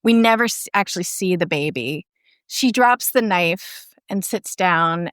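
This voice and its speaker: A woman's voice: mid-range voice, a little slow, fairly bright tone, clear, resonant tone, dry recording, clean studio sound. A woman filmmaker, a podcast guest, retelling a film plot in casual chat and filling it with "like".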